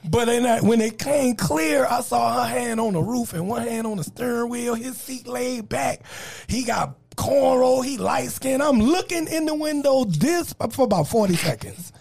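A young man with a very high, gravelly, husky voice spins a story over casual chat. He acts out each character in it, jumping his pitch up and down as he plays them. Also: moderate pace, a little mellow. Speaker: comedian and rapper guest.

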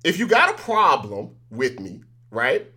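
A man hosts a news commentary show, addressing his viewers directly in casual on-camera talk that's emphatic and repetitive, chuckling between points. His voice sits on the high side with huge pitch swings, a bright, forceful, breathy tone, and a slightly slow pace.

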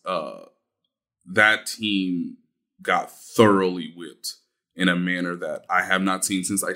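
A man's voice: deep voice, pushed and bright. A man co-hosting a casual sports talk show, reflective and hesitant with many fillers. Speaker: sports podcast co-host.

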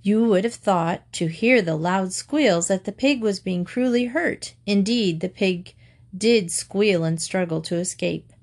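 A woman narrating a storybook in a calm, clear reading voice. Her pitch sits at a middle level, steady and even throughout. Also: unhurried.

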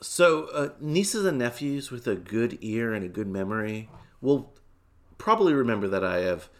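A man's voice: mid-range voice, animated, moderate pace. A man co-hosting a podcast, chatting animatedly and laughing often. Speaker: podcast co-host. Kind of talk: casual chat.

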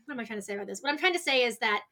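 A woman guest on a podcast, talking in an animated, storytelling way in casual chat. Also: fairly high pitch, rapid-fire.

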